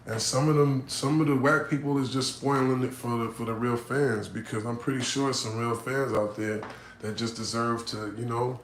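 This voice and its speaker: A man's voice: mid-range voice, little pitch movement, normal speed, echoey room, a little hiss or hum. A man, a battle rapper, chatting casually with fans in a slangy, profane, rambling way that swings between hyped and subdued. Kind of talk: casual live chat with fans.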